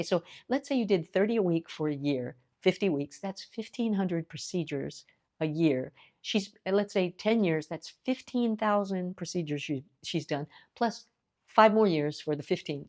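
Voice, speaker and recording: Chatty american vlogger woman, lowish voice. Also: a little mellow. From United States. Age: 50s. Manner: chatty, acts out both sides of conversations. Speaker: lifestyle vlogger. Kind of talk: casual storytelling to camera. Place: India.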